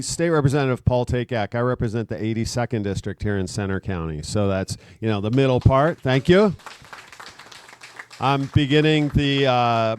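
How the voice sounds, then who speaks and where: A man, a state legislator, gives an upbeat, earnest political speech at a brisk pace. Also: medium pitch, darkish tone, clean tone.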